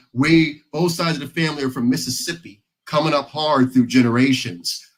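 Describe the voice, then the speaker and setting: A man's voice: medium pitch, poor audio. An American man on a discussion panel, talking casually and emphatically, telling stories to make his points. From United States. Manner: storytelling, emphatic.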